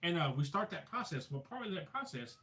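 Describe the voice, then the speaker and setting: A man's voice: on the high side, a little fast. A man telling a ghost story in casual chat, swearing freely and acting out the voices in it. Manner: animated storyteller, acts out voices, swears a lot. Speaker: podcast guest, paranormal investigator. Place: vehicle, talking into phone setup.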